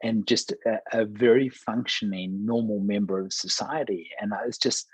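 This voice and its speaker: A man speaking with a low, husky voice, earnestly telling a testimony and acting out the voices in his story. He sounds close to the mic, and the sound is dry and unroomy. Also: fairly even intonation, moderate pace, no room sound, poor audio. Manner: earnest storyteller, acts out quoted dialogue. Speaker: pastor.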